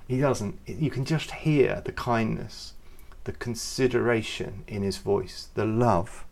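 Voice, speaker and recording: A man's voice: medium pitch, unhurried, vocal fry, darkish tone. Earnest man giving a devotional talk. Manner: earnest, conversational, many fillers, voices the people in his stories. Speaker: youth ministry podcast host.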